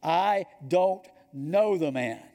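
A Georgia-accented man acting out a panicked grown man who loudly swears he knows nothing. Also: high-pitched, big pitch swings, fairly quick, pitched above the performer's own voice, full character voice. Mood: frantic denial. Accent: Georgia, US Southern. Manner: emphatic, rising, loud. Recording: long reverb of a large hall.

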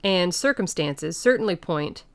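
A woman's voice: lowish voice, lively intonation, a little slow, clean tone. A woman voicing a stolid village constable who speaks bluntly and plainly in an audiobook reading. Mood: dogged. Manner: blunt, rustic.

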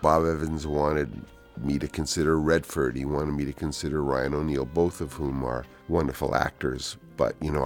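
An older man, a film director, telling rambling anecdotes in a soft, unhurried commentary. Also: very deep voice.

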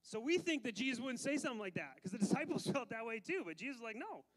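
A man preaching a sermon as pastor, animated, switching between loud emphasis and quiet asides, with frequent laughs between phrases. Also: very high voice, quick pace, low-quality recording.

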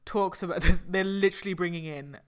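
A woman co-hosting a casual podcast chat, teasing and quick, laughing often. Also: on the low side, clean tone. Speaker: podcast co-host.

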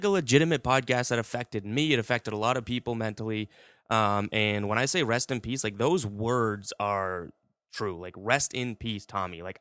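A man's voice: fairly low pitch, bright, forceful tone, clear, resonant tone, no room sound, studio quality. A man hosting a podcast, talking in a rambling, heartfelt way with many fillers. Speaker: podcast host. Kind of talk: casual podcast monologue.

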